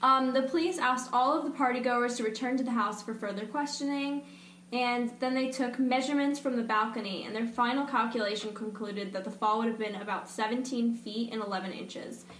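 A woman's voice: fairly high pitch, fairly even intonation, a little fast, fairly bright tone. Young woman, wry dry asides, casual podcast chat, set back from the mic, echoey room. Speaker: podcast co-host. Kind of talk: casual true-crime chat. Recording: roomy, slightly distant mic with faint noise.

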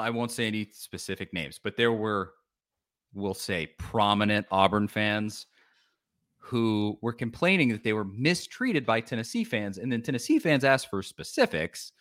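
A man co-hosting a sports podcast, ranting with animated energy and mocking rival fans. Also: mid-range voice, moderate pace. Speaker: podcast co-host.

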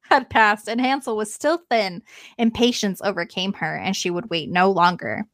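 A woman's voice: medium pitch, expressive, moderate pace, fairly bright tone, no echo. Woman reading a tale, dry close sound. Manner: reads aloud and breaks off often to joke and comment. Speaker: podcast co-host reading a fairy tale aloud. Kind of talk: casual read-aloud with banter.

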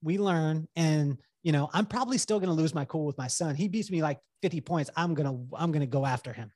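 A man in his forties, a podcast guest, telling lively personal stories in casual chat and laughing as he goes. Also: on the high side, fairly quick, no room sound, clean studio sound. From Southern California. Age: 40s. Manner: animated, laughs through stories, mimics voices in quotes.

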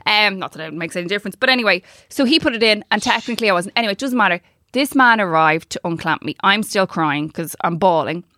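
Woman in her 30s rattling off a story on a podcast, bright crisp voice, dry close mic. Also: mid-range voice, fast, dry recording. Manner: animated, swearing, talks in long run-on anecdotes. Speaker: podcast co-host. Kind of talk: casual storytelling chat.

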